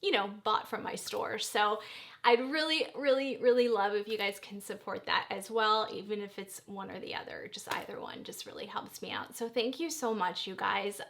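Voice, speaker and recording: A woman's voice: mid-range voice, lively intonation, moderate pace, gravelly, a bit bright. A middle-aged woman chatting casually to her viewers as a beauty vlogger, bubbly and gushing. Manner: bubbly, gushing, lots of "you guys". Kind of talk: chatty makeup tutorial talk.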